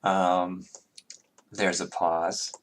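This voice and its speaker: A man's voice: deep voice, level tone, drawn-out words, a little hiss or hum. A man narrating as game master, rambling with many fillers and self-corrections.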